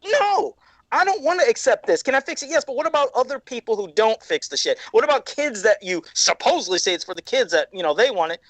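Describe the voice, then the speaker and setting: A man's voice: very high voice, big pitch swings, fast, fairly bright tone, no echo. Male podcast co-host, heated profane rant, dry close sound. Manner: angry, profane ranting. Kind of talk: ranting casual chat. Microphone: video call.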